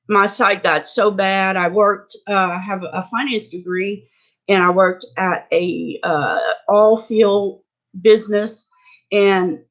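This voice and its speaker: An older woman from Louisiana, talking candidly and haltingly to her vlog viewers. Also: medium pitch, lo-fi sound. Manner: slow, halting, candid, many restarts. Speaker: beauty vlogger. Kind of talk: personal vlog talk.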